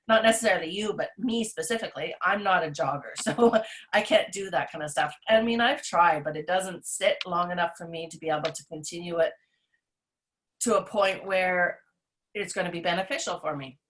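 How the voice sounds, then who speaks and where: Middle-aged woman nutritionist, lower-pitched, casual podcast chat, earnest and rambling with lots of fillers. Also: brisk, fairly bright tone, a little hiss or hum. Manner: rambling and earnest, self-described rant; frequent fillers and restarts.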